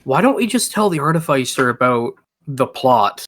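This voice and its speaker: A man's voice: medium pitch, very animated, normal speed, a bit bright. A man playing a tabletop game, speaking bluntly and plainly about plans. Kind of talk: casual gaming banter.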